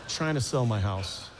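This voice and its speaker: A man's voice: medium pitch, in a large hall, background noise. A middle-aged American man telling a stand-up story. He rambles, mocks himself, repeats his phrases and acts out the sounds. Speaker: stand-up comedian.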